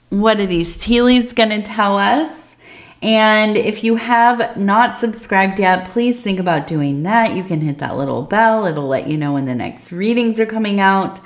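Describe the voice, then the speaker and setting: Slow, soft-spoken woman reading tea leaves. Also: medium pitch, reverberant. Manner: soft, meandering, many fillers. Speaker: tea leaf reader. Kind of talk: ASMR tea leaf reading.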